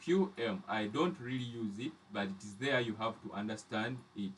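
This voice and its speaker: A man's voice: fairly low pitch, moderate pace, recorded from a distance. A man teaching trading charts step by step, often repeating and restarting his phrases. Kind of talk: live chart lesson.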